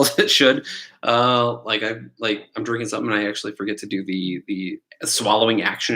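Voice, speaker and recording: A man's voice: fairly low pitch, fairly even intonation, normal speed, bright, forceful tone, low-quality recording. Guy doing a casual live stream study lesson, kinda rambly, keeps asking viewers stuff, middle-aged. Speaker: test prep instructor. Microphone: computer mic on a live stream.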